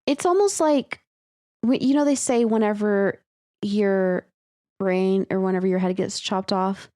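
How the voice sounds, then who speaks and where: A woman's voice: mid-range voice, measured pace, dark tone, no room sound, clean studio sound. A woman co-hosting a writing podcast, chatting in a rambling way with lots of "like" and "you know.". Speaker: podcast co-host. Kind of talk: casual discussion of listener stories.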